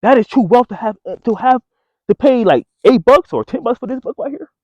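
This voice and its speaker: Slangy man with lively, tinny voice. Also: very high voice, a little fast, no room sound. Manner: casual slangy, addresses viewers as bro and folks. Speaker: vlogger. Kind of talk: casual storytelling to camera. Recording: dry phone-like audio.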